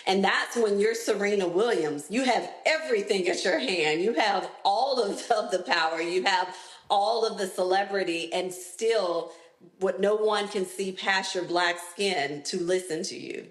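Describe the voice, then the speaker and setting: A woman interviewed as a health expert, answering in a clear, deliberate, explanatory way. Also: mid-range voice, echoey room.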